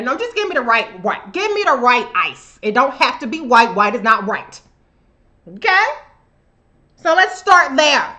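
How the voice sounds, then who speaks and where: Sassy high-voiced woman ranting. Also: sing-song, moderate pace, bright, forceful tone. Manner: sassy, emphatic, loose and profane. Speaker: live show host. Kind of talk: profane political commentary monologue.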